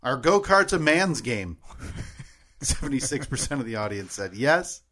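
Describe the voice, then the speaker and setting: A man's voice: medium pitch, sing-song, measured pace, a bit bright, a little hiss or hum. A man co-hosting a podcast in casual chat, earnest and self-deprecating. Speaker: podcast co-host.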